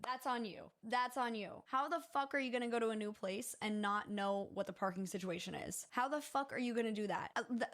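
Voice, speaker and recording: A woman's voice: medium pitch, quick pace, few pauses. A woman giving blunt, exasperated reaction commentary on a clip, with sarcastic jabs. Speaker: commentary creator.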